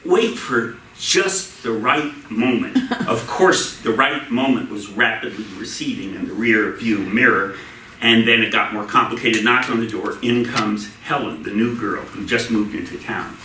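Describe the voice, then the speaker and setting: An American man telling a funny personal story to a live audience at a story slam, with deadpan comic timing. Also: fairly low pitch, moderate pace, slight background noise. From United States. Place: stage in a small venue. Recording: roomy hall, mic at a distance.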